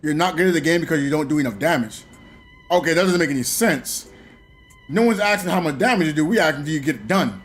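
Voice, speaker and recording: A man chatting casually on a gaming live stream, telling stories in an animated way and laughing often. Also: on the high side, fast, faint music behind. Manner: animated storytelling with frequent laughs.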